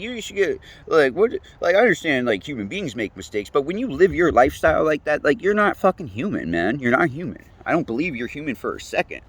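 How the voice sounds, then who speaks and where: A man hosting his own show, talking in a casual, rambling rant full of swearing and fillers. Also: mid-range voice. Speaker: host.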